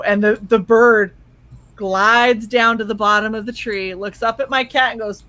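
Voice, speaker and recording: A woman co-hosting a relaxed stream, telling a comic story with lively quoted asides and plenty of casual swearing. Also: medium pitch, normal speed, no room sound, poor audio. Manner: animated storyteller, swears freely, acts out quotes. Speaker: co-host of a chill stream. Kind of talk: casual chat.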